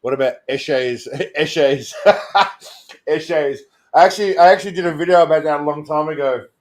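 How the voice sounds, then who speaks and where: An Australian man talking in a casual livestream chat, with a voice pitched somewhat high for a man. He rambles, trips over his words and laughs often as he explains things. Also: moderate pace. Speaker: co-host of a livestream show.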